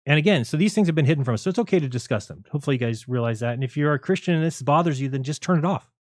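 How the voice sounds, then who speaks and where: A man hosting a livestream, talking in a rapid, argumentative, sarcastic way to his viewers. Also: a little high, lively intonation, no echo, studio quality. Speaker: livestream host. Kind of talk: casual livestream monologue.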